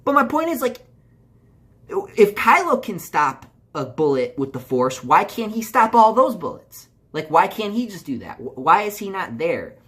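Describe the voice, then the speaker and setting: A man's voice: high voice, huge pitch swings, normal speed, a bit bright. A young man doing a casual movie review, rambling through restarts and fillers and swearing as he gets heated. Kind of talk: casual video review rant.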